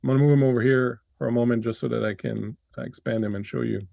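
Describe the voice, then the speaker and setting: A man's voice: mid-range voice, steady tone, fast talker, gravelly, mellow, dry recording. Casual rambling male game master. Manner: loose, rambling narration with many fillers. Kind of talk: narrating a tabletop game.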